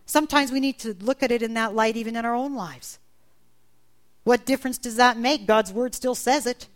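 A woman preaching a sermon, animated, acting out the voices in the Bible story she retells. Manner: animated, acts out voices in quotes with big pitch jumps.

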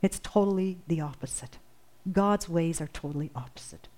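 A woman's voice: on the low side, moderate pace, dark tone. A woman preaching a sermon in an earnest way, building intensity through emphatic repetition.

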